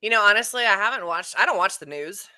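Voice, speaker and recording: A woman co-hosting a casual chat show from home, chatty and quick to laugh, often trailing off mid-thought. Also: mid-range voice, expressive, sharp tone, no room sound. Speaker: podcast co-host. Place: home room.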